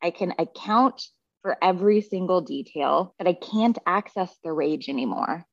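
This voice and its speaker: Low-voiced woman telling a frank, profane story. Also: expressive, normal speed, no room sound. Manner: frank, profane, heavy use of "like" fillers. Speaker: podcast guest, therapy practitioner. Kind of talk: casual personal storytelling. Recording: dry, slightly dull recording.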